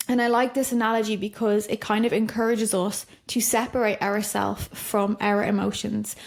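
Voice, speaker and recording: Reflective woman hosting a podcast. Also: medium pitch. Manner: reflective, conversational, gentle self-disclosure. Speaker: podcast host. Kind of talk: solo podcast monologue.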